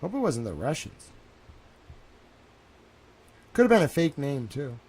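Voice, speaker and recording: Young male streamer talking from home, rambling and worked up, a touch high-pitched. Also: a little slow, slightly rough. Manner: excitable, repeats himself, says "bro" and "like" a lot. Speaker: live streamer. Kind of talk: rambling live stream monologue.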